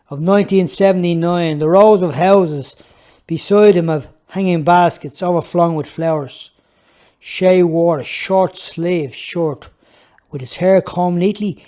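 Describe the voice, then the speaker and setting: A man's voice: high voice, darkish tone. A man reading his own book aloud, telling the story in a plainspoken, reflective way. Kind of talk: audiobook narration.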